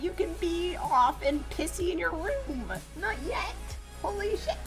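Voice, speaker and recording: A woman's voice: very high voice, big pitch swings, a little slow, a bit bright. Young woman, casual storytime, cursing, exasperated, laughing squeals, faint music behind. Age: young adult. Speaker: streamer telling a story.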